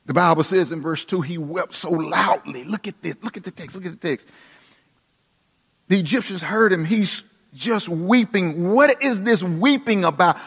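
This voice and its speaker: A man preaching a sermon, dramatic, dropping to hushed tones and rising again for emphasis. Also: medium pitch, breathy edge. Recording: long reverb of a large hall.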